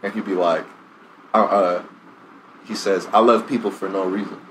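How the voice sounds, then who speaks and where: A man's voice: low-pitched, steady tone, moderate pace, fairly bright tone, slight background noise, poor audio. A young adult man hosting a podcast, talking in an easygoing, slangy way and hyping up his guests. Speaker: podcast host. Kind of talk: casual chat.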